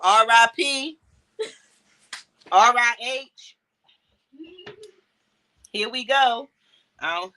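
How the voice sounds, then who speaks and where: Cooking as she talks, a middle-aged woman with a New York accent keeps up easygoing chat with her viewers and laughs a lot; she's a podcast host doing a cooking vlog. She speaks in a mid-range voice with a sharp tone.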